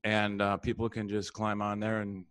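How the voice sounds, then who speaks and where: Man, low voice, dry sound, rambling, joking, interview guest. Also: completely flat delivery, moderate pace, fairly bright tone, smooth, dry recording. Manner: rambling, joking, many fillers. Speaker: guest comedian. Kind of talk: casual interview chat.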